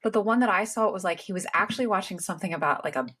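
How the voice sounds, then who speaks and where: Lively, questioning woman podcast co-host. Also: mid-range voice, racing, husky. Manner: curious, asks questions, casual and joking. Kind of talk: casual chat.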